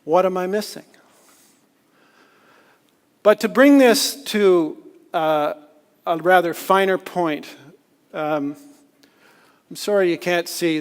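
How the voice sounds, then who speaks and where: A man giving a storytelling talk to an audience, lively and self-deprecating. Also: a little high, clean tone. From Canada. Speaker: conference speaker. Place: lecture hall. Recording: long hall reverb.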